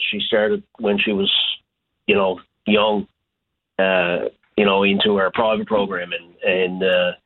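Halting man on a phone line. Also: on the low side. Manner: halting, many restarts and fillers. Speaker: hockey coach. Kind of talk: phone interview.

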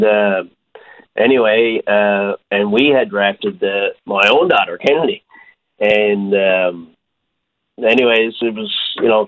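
Male coach, halting, low-ish voice, tinny phone line. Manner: halting, repeats words, many fillers. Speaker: hockey coach. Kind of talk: phone interview.

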